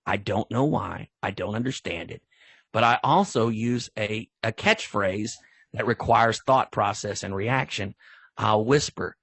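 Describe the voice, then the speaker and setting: A man's voice: on the low side, unhurried, creaky, slightly rough, dry recording. A middle-aged man, a veteran football referee, telling stories in a casual podcast interview and acting out sideline exchanges. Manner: animated storyteller, acts out sideline exchanges.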